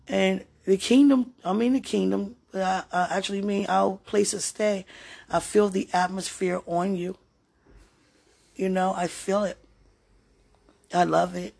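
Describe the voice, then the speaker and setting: A man with a high, gravelly voice delivers a long, heartfelt monologue to someone he loves. He rambles tenderly, with frequent religious thanks. The tone is husky and often sinks to a quiet murmur. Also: little pitch movement, normal speed, pauses often. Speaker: partner speaking to a loved one.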